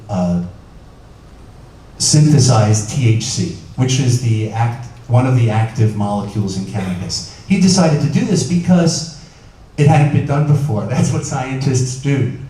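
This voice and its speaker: A man's voice: medium pitch, mellow, a little hiss or hum. Man lecturing from across an echoey room. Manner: conversational, lots of fillers, asks the audience questions. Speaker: doctor giving a lecture. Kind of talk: informal lecture. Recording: echoey room picked up from a distance.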